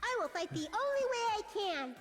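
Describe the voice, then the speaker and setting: A woman's voice: very high voice, very animated, a little fast, faint music behind. A woman voicing an earnest, determined young girl heroine in an anime-style video game. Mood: determined, proud.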